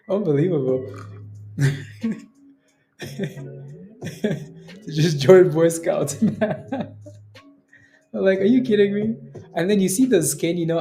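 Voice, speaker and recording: A man with a slightly high, creaky, dark-toned voice hosts a casual live day-trading stream of market commentary. He rambles chattily, laughs often, and keeps tacking "right?" onto his sentences.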